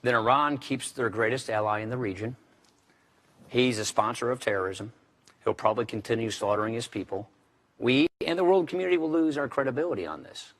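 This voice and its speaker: A man's voice: mid-range voice, fairly quick, fairly bright tone. A man, a congressman, speaking in a formal political debate, firm and repeating key phrases for emphasis. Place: debate stage.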